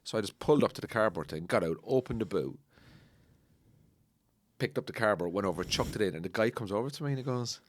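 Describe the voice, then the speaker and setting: Fast-talking man. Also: medium pitch, dry recording. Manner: animated storyteller, acts out voices. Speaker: comedian and radio host guest. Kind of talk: casual chat, anecdotes.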